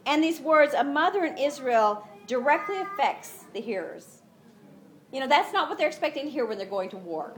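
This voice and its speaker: Teaching the Bible to a group of women, she speaks conversationally, dropping in "you know" often and lifting her voice animatedly to act out quotes. Her pitch is high and her pace moderate, with slight background noise.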